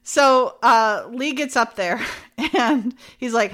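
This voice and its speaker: A woman's voice: fairly high pitch, slow, a bit bright. A woman co-hosting a casual chat, retelling scenes with frequent laughter. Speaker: podcast co-host. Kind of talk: casual chat recapping a show.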